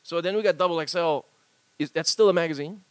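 A man's voice: fast talker, dry recording. A man from Hawaii, co-hosting casual studio banter and joking often. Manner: joking, laughs often, pitches up for imitations. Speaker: radio co-host.

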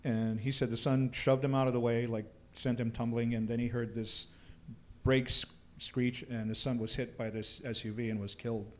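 A man, a ghost tour guide telling stories in a relaxed way with dry humor and plenty of fillers. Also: mid-range voice, normal speed, a little hiss or hum. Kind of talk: casual storytelling chat.

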